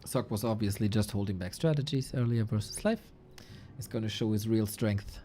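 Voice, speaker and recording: A man's voice: on the low side, moderate pace, dark tone, a little hiss or hum. A man casting a live esports match, playful and chatty, talking to his chat and calling out at the screen. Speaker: esports caster. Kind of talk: live game commentary.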